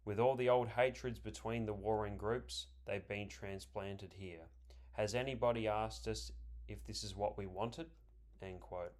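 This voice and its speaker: A man delivering scripted political commentary, reading quotations aloud in a measured, deliberate way and stressing key words. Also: lowish voice.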